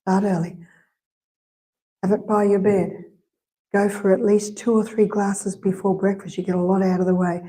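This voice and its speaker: A woman's voice: medium pitch, flat delivery, normal speed, long pauses, dark tone. A middle-aged woman with an Australian accent giving a live health lecture in a church hall, chatty, repeating key points and telling anecdotes. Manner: conversational, repeats points for emphasis, tells anecdotes.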